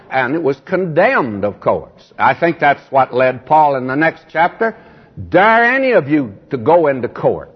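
Older teacher, folksy and emphatic, on a dull old tape. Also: male voice, slightly rough. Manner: folksy, emphatic, rises high when mocking. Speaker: Bible teacher. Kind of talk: radio Bible sermon.

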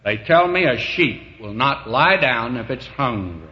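A male preacher delivers a sermon in an unhurried, folksy storytelling manner. He keeps returning to "may I say to you" as his voice swells to fervent emphasis. The recording sounds dull and lo-fi. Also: mid-range voice, very animated, sharp tone. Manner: repeats the phrase "may I say to you".

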